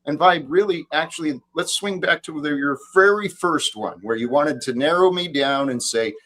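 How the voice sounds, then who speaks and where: Bright-voiced man hosting a chat. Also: on the high side, normal speed. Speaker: host. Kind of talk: casual chat.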